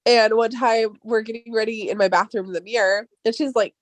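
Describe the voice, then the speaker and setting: A young woman with a light Valley Girl lilt talks casually, sprinkling "like" and the odd swear word. She laughs often and leaps up in pitch when she mimics others. The recording is close and dry, with no room sound. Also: steady tone, brisk, no echo. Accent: Californian Valley Girl. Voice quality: upspeak, peppered with "like", swears casually. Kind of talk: casual chat.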